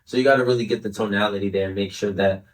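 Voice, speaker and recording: Lower-voiced young man, earnest and chatty. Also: steady tone, very fast, far from the mic. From Chicago area, United States. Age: 20s. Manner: earnest, fills speech with "right?" and "you know". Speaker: interview guest. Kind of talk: casual podcast interview.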